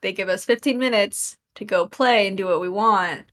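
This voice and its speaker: A woman co-hosting a podcast and telling playful, lively stories in casual chat. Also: medium pitch, moderate pace. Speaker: podcast co-host.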